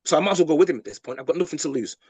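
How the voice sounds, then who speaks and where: Husky man telling a story. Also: fairly high pitch, no room sound. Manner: animated storytelling with quick repeats and acted-out quotes. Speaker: podcast guest. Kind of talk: storytelling interview.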